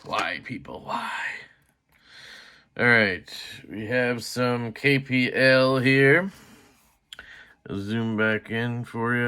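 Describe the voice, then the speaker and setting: A man's voice: medium pitch, very slow, long pauses, pushed and bright, smooth. A man taking apart a knife on camera, rambling to his viewers, often grumbling and joking at himself. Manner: rambling, self-deprecating, talks to viewers while fiddling; mild swearing and grumbling. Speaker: knife reviewer. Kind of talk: casual knife disassembly vlog.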